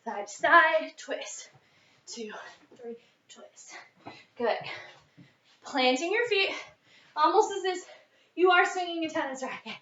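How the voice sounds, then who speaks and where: A woman's voice: very high voice, animated, measured pace, pauses often, sharp tone, slight background noise. A young woman leading a workout as a fitness instructor, a little out of breath, counting reps and coaching. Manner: upbeat coaching, counting reps, mid-exercise. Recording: echoey, distant, dull lo-fi.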